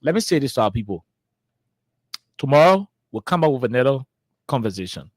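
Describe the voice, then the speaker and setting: A man from Liberia hosting a radio call-in show, greeting callers briskly and calling them brother. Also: mid-range voice, very animated, dry recording.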